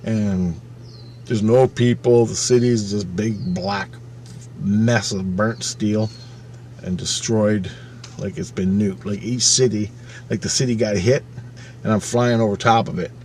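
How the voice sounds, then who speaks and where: A man's voice: lowish voice, steady tone, unhurried, a little hiss or hum. Man swearing through a frantic personal story. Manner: swears freely, acts out his own past thoughts with sudden loud and quiet swings. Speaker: channel host recounting a personal experience. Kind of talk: casual spoken storytelling.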